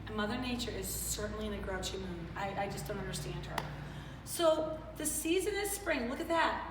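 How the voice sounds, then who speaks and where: A woman's voice: mid-range voice, expressive, fairly quick, noisy background. A woman teaching young children in an online class in an upbeat, coaxing, sing-song manner. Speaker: kindergarten teacher. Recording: roomy echo, distant mic, faint ambience.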